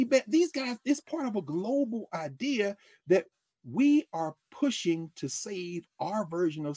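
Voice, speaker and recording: A man giving a lively, conversational political commentary monologue, often acting out quotes from others. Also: very high voice, no echo, clean studio sound. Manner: animated, conversational, quoting others in character.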